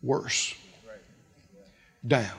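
A male preacher delivering a sermon in an animated way, chuckling often and stretching words for emphasis. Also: drawn-out words.

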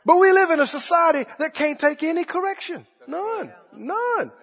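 High raspy preacher guy, punchy repeats, muffled lo-fi church recording. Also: lively intonation, measured pace, fairly bright tone. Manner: emphatic, repeats phrases, calls for congregation response. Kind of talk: sermon. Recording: dull lo-fi with long hall reverb.

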